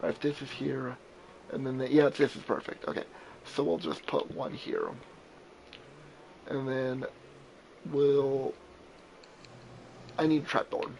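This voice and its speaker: A man's voice: mid-range voice, takes it slowly, creaky, long pauses, a little mellow, a little hiss or hum, poor audio. A young man chatting casually while playing a survival game, rambling and repeating words, with casual swearing.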